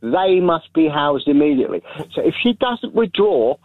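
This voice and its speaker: A man's voice: a little high, sing-song, moderate pace, no room sound. Male caller from London, emphatic and earnest, over a dull lo-fi phone line. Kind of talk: phone-in chat.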